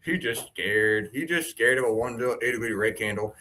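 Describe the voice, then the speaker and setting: A man's voice: medium pitch, a little fast, pushed and bright. A man co-hosting an investing show, joking over stock charts in a teasing, mock-brash slang voice.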